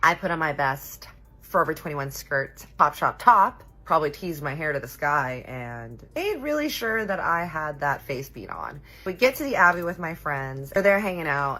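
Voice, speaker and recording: Low husky woman telling a story. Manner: chatty, animated, quotes people in little voices. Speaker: storytime vlogger. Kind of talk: casual storytelling.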